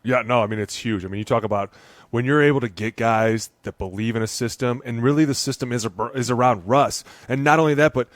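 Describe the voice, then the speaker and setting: A man talking in a casual podcast, animated and quick to act out other people's voices. His pitch sits in the middle for a man. The sound is close and dry, with no room echo. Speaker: former NFL lineman guest.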